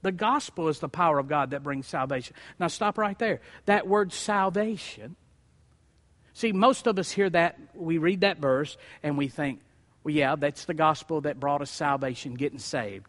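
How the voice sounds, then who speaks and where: A man's voice: high-pitched, in a large hall. A male pastor preaching a sermon, building emphasis through repeated phrases. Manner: preaching with rising emphatic repetition.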